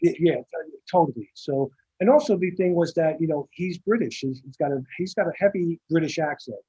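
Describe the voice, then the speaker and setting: Man, Staten Island accent, older, husky voice, slightly high pitch, rambling anecdotes with restarts. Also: a little fast, muffled recording. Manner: rambling, repeats words and restarts, animated anecdotes. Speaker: film director and guest. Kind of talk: casual storytelling interview.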